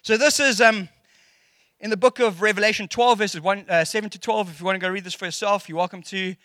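Middle-aged South African man, bright and high for a man, close dry sound, preaches a casual sermon with jokes and acted-out quotes. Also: brisk, no room sound. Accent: South African English. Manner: animated and jokey, acting out quotes.

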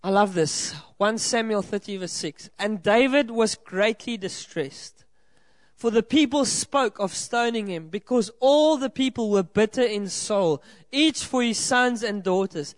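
An unhurried South African pastor with a high voice gives a sermon in a church hall. He is earnest and encouraging and talks directly to the congregation in front of him. The recording is dry.

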